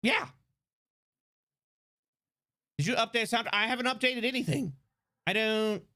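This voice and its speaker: A man streaming live, chatting excitably, swearing and rambling with restarts into a desk microphone. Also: very high voice, fairly quick. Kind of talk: casual live-stream chat.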